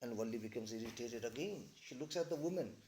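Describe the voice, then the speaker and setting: A man's voice: mid-range voice, animated, fast, warm tone, a little hiss or hum. A man, reading a story aloud and explaining it to a class, often checking in with "all right?". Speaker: English teacher.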